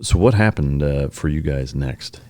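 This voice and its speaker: A man's voice: very deep voice, expressive, normal speed, dark tone. A man hosting a podcast, asking short, plain follow-up questions in a casual interview.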